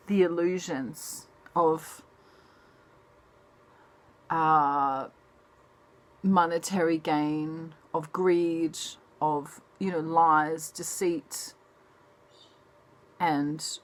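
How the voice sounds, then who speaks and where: A woman giving a chatty, casual tarot reading in a soft, unhurried manner. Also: deep voice. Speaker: tarot reader.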